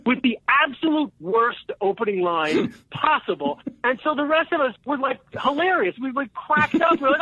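A man telling a rambling, excitable story as a comedian guest on a casual podcast, often laughing. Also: very high voice, a little fast, slightly rough, no echo. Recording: tinny phone line.

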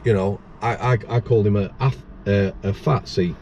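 A man's voice: on the low side, steady tone, normal speed, darkish tone, highs cut off, slight background noise. A middle-aged man, a former prison officer and the show's host, telling rambling anecdotes with frequent restarts and acting out other people's voices. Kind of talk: casual storytelling chat.

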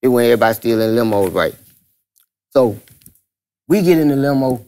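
A man telling a story on a comedy podcast, animated and laughing as he acts out the people in it. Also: mid-range voice, brisk. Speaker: guest comedian. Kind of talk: casual storytelling.

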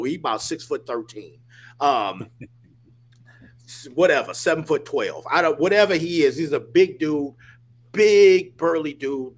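A fairly high-voiced man tells a story over a video call. His delivery is animated and emphatic. He leans on casual asides like "dude" and keeps checking in with "right?". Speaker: guest.

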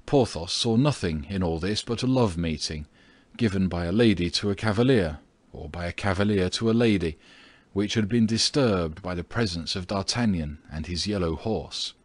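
Man, audiobook narration, husky, fairly low voice, dry close sound. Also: moderate pace, no room sound. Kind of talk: scripted narration.

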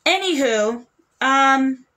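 A woman's voice: high-pitched, animated, drawn-out words, sharp tone. A young woman chatting casually as a book vlogger, rambling with lots of fillers and restarts. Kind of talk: casual chat.

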